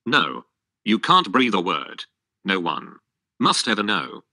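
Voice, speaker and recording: A man's voice: low voice, slow pace, creaky, no echo, heavily acted. A male computer voice reading a cursed princess. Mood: sad. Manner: flat synthetic reading, no acting. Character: young princess under a spell, sad and proud. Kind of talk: text-to-speech script reading.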